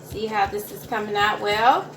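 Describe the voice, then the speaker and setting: A woman's voice: medium pitch, moderate pace, fairly bright tone, reverberant, slight background noise. A woman with a Southern accent, giving a chatty, encouraging home cooking demonstration and often repeating her phrases. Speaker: cooking instructor. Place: home kitchen.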